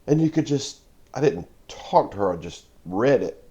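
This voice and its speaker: A man's voice: mid-range voice, mellow, muffled recording. A man giving a devotional talk, telling a parable with emphatic repeats and laughs. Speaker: Christian video preacher.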